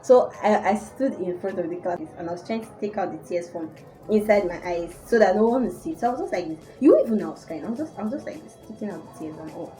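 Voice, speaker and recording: A woman's voice: mid-range voice, fast, soft background music, rough recording. A young woman telling a personal story casually to her viewers. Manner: animated storytelling. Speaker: vlogger.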